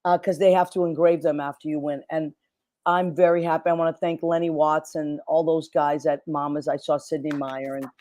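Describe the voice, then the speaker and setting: A woman's voice: sits low, level tone, a little fast, dark tone, no echo, studio quality. A woman hosting a talk show, chatting in an effusive, rambling way. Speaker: show host. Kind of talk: casual chat.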